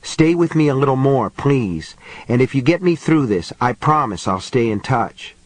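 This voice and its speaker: A man's voice: medium pitch, lively intonation, moderate pace, natural voice, low-quality recording. A man voicing a trapped, desperate woman. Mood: pleading. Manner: pleading, talking herself through fear. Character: terrified trapped woman, desperate but determined.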